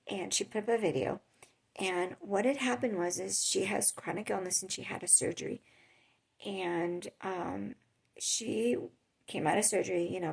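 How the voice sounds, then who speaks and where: A woman with a husky, mid-range voice and some vocal fry vlogs from her home in a hot desert area. Talking casually to the camera, she tells chatty, rambling stories about living with chronic illness, dotted with little laughs.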